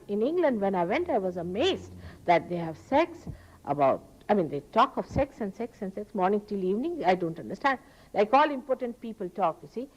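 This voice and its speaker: A woman giving a public spiritual talk, earnest and emphatic, often rising sharply in pitch. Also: poor audio. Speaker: spiritual teacher. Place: public hall.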